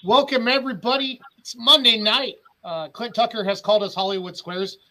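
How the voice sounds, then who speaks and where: A man hosting a live weekly show in a high, bright voice. He rambles, cracks corny jokes and keeps things loose. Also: fairly even intonation, a little fast, poor audio. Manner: jokey, rambling, laughs often. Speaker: host.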